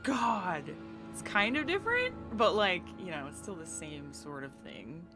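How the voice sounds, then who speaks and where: A woman's voice: on the low side, wildly swooping pitch, normal speed, music in the background. An American woman streaming live, chatting casually with viewers in a giggly, filler-heavy way.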